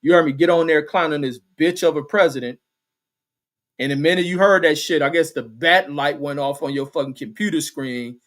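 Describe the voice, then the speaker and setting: A man's voice: fairly high pitch, moderate pace, a bit bright. A middle-aged man hosting a live stream, reading viewer comments aloud and answering them in an angry, profane rant. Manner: angry, combative, reads viewer comments aloud then fires back; heavy cursing, slangy street talk. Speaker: show host reading chat comments.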